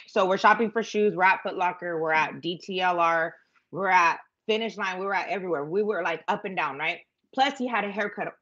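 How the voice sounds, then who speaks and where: Middle-aged woman, live-stream storytelling, rambling, self-mocking, lowish voice, dull phone audio. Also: fairly bright tone. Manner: chatty and rambling, self-mocking, lots of fillers. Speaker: vlogger telling a story.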